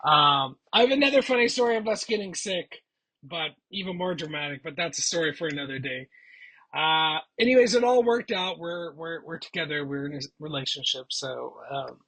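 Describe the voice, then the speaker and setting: A man vlogger tells a personal story in a loose, chatty way, often restarting his sentences. His voice is husky yet bright and forward, sitting a bit above the usual male pitch. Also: lively intonation, moderate pace, poor audio. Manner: chatty, rambling with frequent restarts. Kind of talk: casual storytelling.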